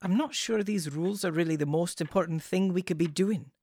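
A woman in an audio drama, playing a calm, reasoning witch. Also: fairly low pitch, brisk, no echo, clean studio sound.

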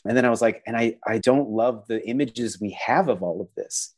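A man's voice: mid-range voice, normal speed, a little mellow. A man, a visual artist and person of faith, talking in an earnest, reflective way as a guest, often hunting for words. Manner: earnest, reflective, searching for words with many likes. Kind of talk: casual conversational interview.

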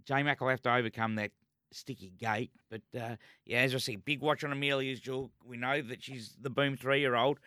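An Australian man giving racing tips on live radio, talking through the form confidently and relaxed, trailing off at times. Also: medium pitch, a little fast, no echo, clean studio sound. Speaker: racing tipster. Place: radio studio.

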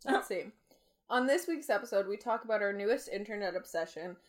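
A woman's voice: mid-range voice, expressive, fast. A young woman co-hosting a podcast, playful in casual chat and reading episode intros aloud. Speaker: podcast co-host.

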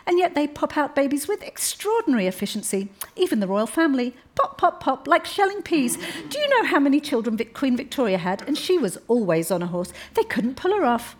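Woman doing a feisty young wife, arch and pointed, voice pitched up high and bouncing all over. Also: sing-song, brisk, few pauses. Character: sharp-tongued young wife, defiant and witty. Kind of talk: audiobook reading.

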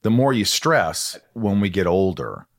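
A man's voice: low-pitched, very animated, a little slow. A middle-aged man hosting a podcast, asking rambling questions and swearing loosely in casual chat. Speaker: podcast host.

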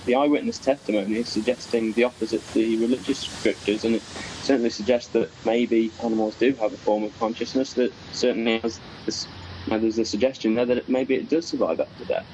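A man's voice: mid-range voice, fairly even intonation, quick pace, darkish tone, a little hiss or hum, poor audio. Man explaining, leaning on "you know". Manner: leans on "you know" as a filler. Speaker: guest. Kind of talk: talk show guest explaining a view.

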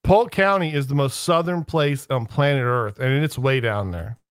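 A man chatting casually as a podcast guest, making playful deadpan jokes. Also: mid-range voice, normal speed, no echo, clean studio sound. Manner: joking, playful deadpan asides. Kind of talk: casual joking chat.

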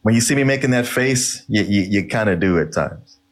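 A man's voice: on the low side, lively intonation, fairly quick. A man co-hosting a casual movie review chat who teases his fellow hosts and laughs a lot. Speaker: podcast co-host.

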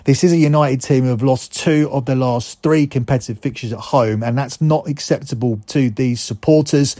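Male podcast host, mid-pitch, dry close sound, analytical betting talk. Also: moderate pace, dark tone, dry recording. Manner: fluent, analytical, rattles off odds and stats. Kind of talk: sports betting preview with ad reads.

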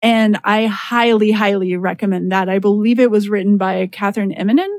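A woman's voice: medium pitch, fairly even intonation, fairly quick, a little mellow, no echo, clean studio sound. A young woman hosting a podcast, chatting enthusiastically with many filler words as she recommends things. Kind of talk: casual chat.

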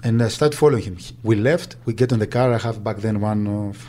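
Hesitant man, soft and mellow. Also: on the low side, a little hiss or hum. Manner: halting, with frequent restarts and fillers. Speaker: agent. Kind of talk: recounting memories in an interview.

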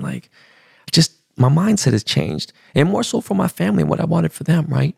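A man's voice: mid-range voice, animated, brisk, vocal fry, a little mellow, breathy edge, no echo, clean studio sound. A middle-aged man hosting a podcast, telling a personal family story in a candid, emotional way with casual profanity. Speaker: podcast host.

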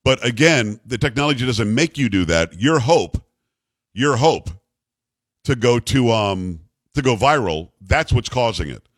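A man's voice: medium pitch, expressive, a little slow, no room sound. A male talk radio host, blunt and opinionated, reading ads and taking calls with self-mocking jokes. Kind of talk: talk radio and live ad reads.

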